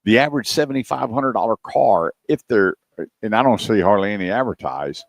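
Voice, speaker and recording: A man's voice: fairly low pitch, animated, brisk, vocal fry, no room sound. A man hosting a car radio show, casually retelling a customer call and acting out both sides in a dry, matter-of-fact way.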